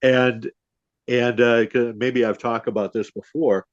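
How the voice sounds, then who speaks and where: A man's voice: mid-range voice, steady tone, no echo. Older man recalling stories, dull dry sound. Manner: storytelling, unhurried with many "and, uh" restarts. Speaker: podcast host. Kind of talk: casual chat.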